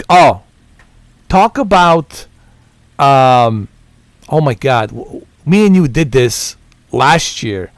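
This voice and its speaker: Man, casual rambling chat, stammers and repeats, dry close sound, mid pitch. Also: animated, slow, long pauses, no echo. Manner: rambling, repeats words, laughs a lot. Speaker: gamer.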